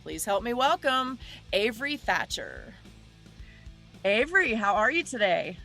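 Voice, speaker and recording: A woman's voice: fairly high pitch, very animated, unhurried, gravelly, bright, forceful tone, faint music behind. A woman hosting a podcast, introducing her guest and asking questions in a chatty way. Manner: chatty, with restarts. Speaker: podcast host.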